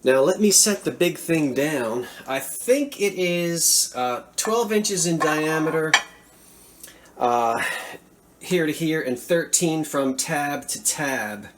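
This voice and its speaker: A man's voice: fairly high pitch, slow pace. A man enthusiastically showing off antique finds from a thrift haul in a chatty, casual vlog. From Philadelphia area. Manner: animated, enthusiastic, chatty asides. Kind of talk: casual show-and-tell vlog.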